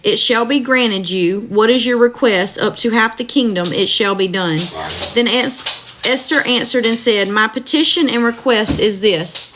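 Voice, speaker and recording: Slightly high and a bit bright, this woman's voice carries a slow, tender Bible reading streamed live from her house. She stops for friendly asides to viewers while dogs dash about, all captured in a noisy home recording.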